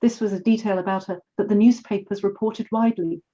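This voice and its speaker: A woman author reading aloud from her novel in a measured, careful way over a video call. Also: mid-range voice, steady tone, warm tone, muffled recording.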